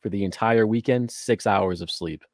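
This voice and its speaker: A man's voice: fairly low pitch, moderate pace, no echo, studio quality. A man hosting a casual chat, recalling a late night in an easygoing way. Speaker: podcast host.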